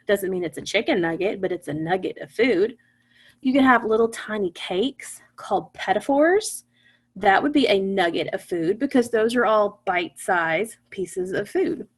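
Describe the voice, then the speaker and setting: A woman teaching a phonics lesson to young children, patient and encouraging, sounding out words slowly. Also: medium pitch.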